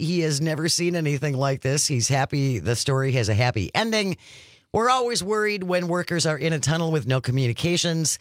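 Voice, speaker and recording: A man's voice: a little high, dry recording, studio quality. A man hosting a radio show, recapping a news story and chatting with his co-host. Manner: chatty, reads stories then riffs. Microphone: studio microphone.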